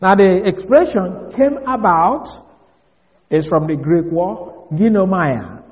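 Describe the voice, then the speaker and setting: A man's voice: high voice, animated, measured pace, a little mellow. A man teaching on the Bible as a preacher, explaining Greek words and spelling them out letter by letter, recorded in a large hall. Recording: long hall reverb.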